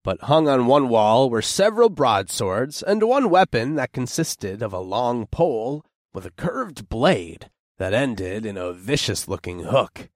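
A man narrating a first-person fantasy audiobook in an expressive, unhurried way. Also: mid-range voice, no room sound, studio quality.

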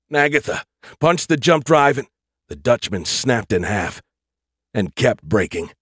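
A man narrating a first-person science fiction audiobook in a steady, earnest storytelling voice. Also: fairly low pitch, no room sound, studio quality.

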